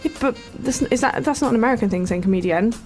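Chatty young woman, bright-voiced. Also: a little high, quick pace, faint music behind. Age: 20s. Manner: chatty, mock-exasperated. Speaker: radio film reviewer. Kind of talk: casual on-air chat and review.

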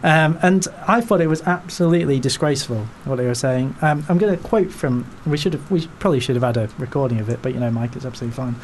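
A man hosting a casual football podcast, rambling with jokes and quick asides. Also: mid-range voice, slight background noise. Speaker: podcast host.

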